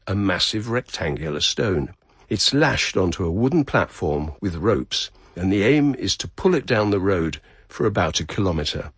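A man narrating a radio feature in a measured, descriptive way. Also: sits low, slightly rough, no echo, studio quality. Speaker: radio reporter.

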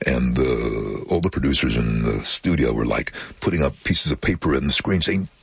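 A man, a voiceover artist, telling anecdotes in an interview, very deep and husky, animated as he acts out the people in his stories. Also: normal speed, few pauses, no echo. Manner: animated storyteller acting out quoted voices. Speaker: voiceover artist and former train driver.

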